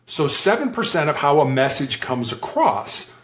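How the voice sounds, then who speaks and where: In a reverberant space, a former hostage negotiator tells stories during an interview, his voice a little high and his speed normal. He's animated, acting out the voices he quotes in a conversational, storytelling way.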